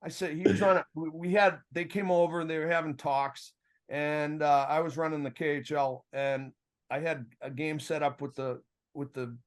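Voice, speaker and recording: A man's voice: a little high, normal speed. An older man, a former referee, telling stories in a casual podcast chat and acting out the quoted exchanges. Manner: animated storyteller, acts out quoted exchanges, chuckles often.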